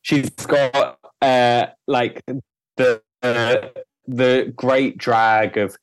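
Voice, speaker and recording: A man's voice: mid-range voice, fairly even intonation, extremely slow, clean tone, no room sound, rough recording. A man as a podcast guest in casual chat, cheeky with bawdy jokes.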